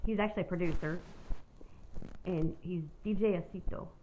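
A woman's voice: fairly low pitch, steady tone, normal speed, warm tone, slight background noise, poor audio. A woman hosting her own podcast, telling a personal story in a candid, rambling way and swearing freely. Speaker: podcast host.

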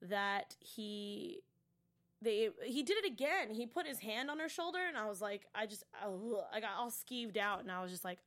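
A woman hosting a TV after-show, recapping an episode in casual, animated chat, acting out characters' lines and dropping to whispers for asides. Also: medium pitch, moderate pace.

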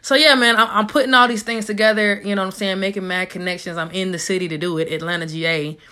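A woman's voice: mid-range voice, steady tone, fast, sharp tone. A young adult woman hosting her own podcast, talking casually in a loose, profane, slang-heavy way, as if at home. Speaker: podcast host. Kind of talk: casual solo podcast chat.

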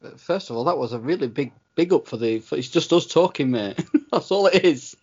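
A man's voice: a little high, animated, brisk, darkish tone, slightly rough, lo-fi sound. A man co-hosting a casual podcast, laid-back and modest, often chuckling. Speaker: podcast co-host.

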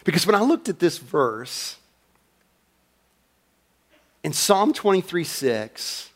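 A man preaching a sermon as pastor, swinging from loud, emphatic lines to a hushed, low delivery and acting out a listener's thoughts. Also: sing-song, slow pace, big-room sound. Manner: acts out a listener's thoughts in quoted asides.

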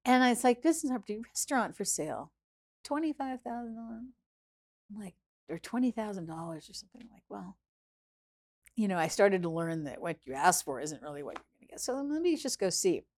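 A woman chef, a guest in an interview, telling a story in a lively way, acting out what people said and swinging between hushed and loud. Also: fairly low pitch, brisk. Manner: animated, acts out quoted voices, swings between hushed and loud. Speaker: chef and restaurant founder, guest.

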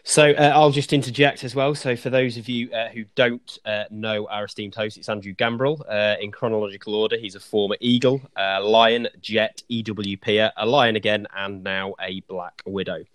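A man's voice: on the low side, steady tone, normal speed, few pauses, no room sound. A man appearing as a guest coach in a casual chat, with dry, teasing humour.

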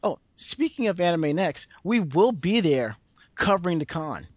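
A man co-hosting a casual podcast, relaxed and confident, teasing his co-host. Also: high voice, a little slow, dry recording, studio quality. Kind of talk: casual chat.

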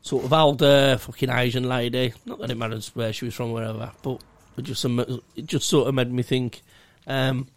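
A man's voice: medium pitch, flat delivery, moderate pace, few pauses, no room sound. A young man, rambling through a sweary, self-mocking story in casual chat. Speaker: podcast co-host.

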